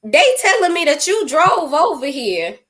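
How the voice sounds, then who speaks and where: High-voiced woman telling her story animatedly. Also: measured pace, poor audio. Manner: acts out quoted dialogue in lively voices. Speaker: interview guest sharing a testimony.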